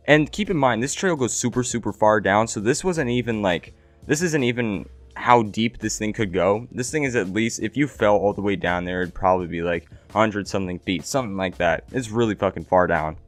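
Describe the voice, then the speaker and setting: A young man casually telling a story, slangy and profane, with lots of "like" and "right?" fillers. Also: lowish voice. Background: faint background music.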